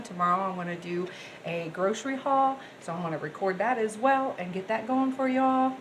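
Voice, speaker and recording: A woman's voice: medium pitch, animated, a little fast, a little hiss or hum. Bubbly woman in her kitchen. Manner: bubbly, rambling, talks straight to viewers. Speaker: cooking vlogger. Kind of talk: casual chatty cooking vlog. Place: home kitchen.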